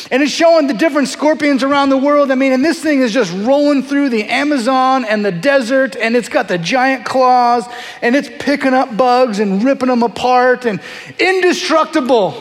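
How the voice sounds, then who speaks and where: A middle-aged man, a pastor, telling a story in a sermon with lively, animated delivery, often acting out voices. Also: extremely high pitch. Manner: animated, acts out voices in his stories. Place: large church hall. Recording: long hall reverb.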